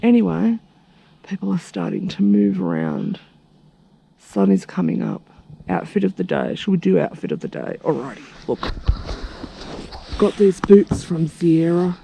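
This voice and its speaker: A woman with an Australian accent vlogging outdoors in a chatty, cheeky way, slipping into quiet asides. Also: fairly low pitch, vocal fry, slight background noise. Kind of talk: casual vlog monologue. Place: outdoors at a rural retreat at dawn.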